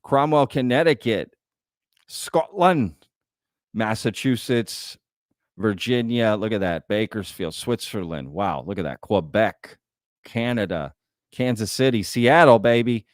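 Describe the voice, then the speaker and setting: Man, host, casual live-stream commentary, folksy and chatty, smooth clear voice, lowish pitch, dry close sound. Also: lively intonation, unhurried, no echo. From Texas.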